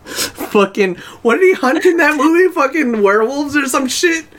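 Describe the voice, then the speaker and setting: A podcast co-host in casual chat, loud and swearing, given to dramatic outbursts. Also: high voice, expressive, normal speed, slight background noise.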